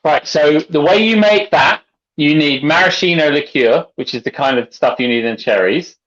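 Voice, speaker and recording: A tipsy man co-hosts a casual drinks livestream, rambling and getting loud and excitable. His voice sits a bit high. The call audio sounds dull and lo-fi. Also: moderate pace. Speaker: co-host. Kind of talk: casual drunken chat on a livestream.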